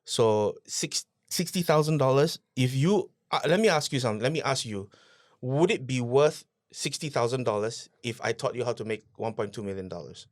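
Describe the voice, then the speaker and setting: Here a man talks through his business journey as a podcast guest, energetic and informal, echoing his own phrases and asking questions he doesn't expect answered. His pitch is medium and his pace moderate, captured in a dry studio-quality recording.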